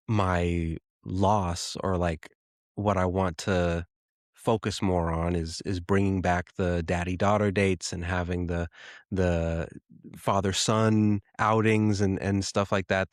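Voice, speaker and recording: A man in his thirties hosting a podcast, telling a personal story in a reflective, halting way with frequent restarts. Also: low-pitched, dry recording, clean studio sound. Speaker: podcast host.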